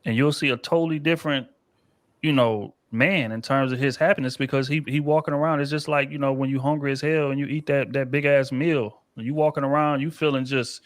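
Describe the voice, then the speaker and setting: A man's voice: medium pitch, steady tone, brisk, no room sound, studio quality. A married man co-hosting a casual panel discussion, talking in a loose, rambling way with casual profanity. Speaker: podcast co-host.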